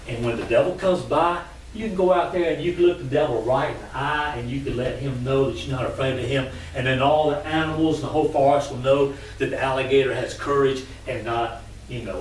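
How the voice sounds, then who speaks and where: A man putting on a sly, coaxing trickster rabbit. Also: lightly acted. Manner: coaxing, wheedling, raised pitch. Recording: echoey room from far off, faint noise.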